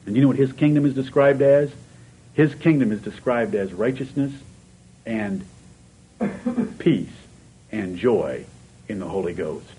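Man preaching, low voice. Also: a little mellow, husky, poor audio. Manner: rhetorical questions, rising to a fervent pitch. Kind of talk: sermon.

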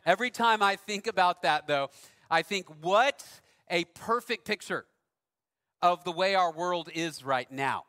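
Male pastor, conversational storyteller; high pitch, sharp timbre, big reverberant room. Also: lively intonation, measured pace. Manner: conversational, self-deprecating storyteller. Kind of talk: sermon with a personal story.

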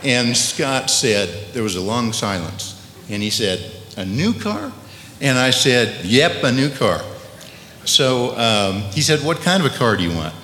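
A man's voice: medium pitch, animated, a little slow, bright, forceful tone, a little hiss or hum. A man telling a personal story as a testimony, with a wry, humorous delivery. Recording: echoey hall, faint ambience.

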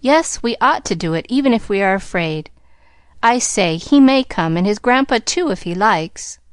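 A woman's voice: mid-range voice, animated, moderate pace, clean tone, dry recording, natural voice. A woman voicing a timid young girl who speaks up with spirit. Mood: brave. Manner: shy but spirited. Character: timid young girl finding her courage.

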